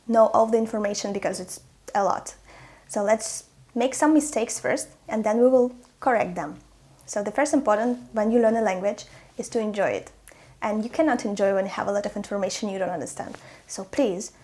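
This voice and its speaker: A woman with a Russian accent teaching pronunciation to camera, playful and encouraging, sounding out words slowly. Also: a little high, a little mellow. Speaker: language teacher. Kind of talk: language lesson to camera.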